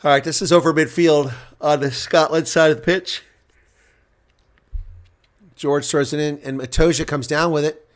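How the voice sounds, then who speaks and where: A man giving live reaction play-by-play commentary on a rugby match, getting loud on big plays and dropping to quiet asides. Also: on the high side, fairly even intonation, moderate pace, long pauses.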